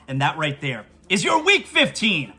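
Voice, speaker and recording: A male sports talk host with a high, bright voice. He runs through results and then vents with emphatic, animated fan energy. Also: moderate pace, breathy edge.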